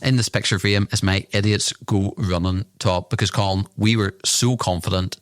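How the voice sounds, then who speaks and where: A low-voiced man co-hosts a casual podcast. He spins his story in an animated way, teasing his co-host as he goes. His voice sits dry and close on the mic. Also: normal speed, dry recording. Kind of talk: casual chat.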